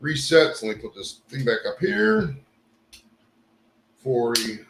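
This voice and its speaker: A man's voice: mid-range voice, sing-song, takes it slowly, gravelly, slight background noise. A man hosting a casual live stream, swearing and rambling while fixing his camera gear. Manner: profane, rambling, fixes gear on air. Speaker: live show host. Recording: roomy echo.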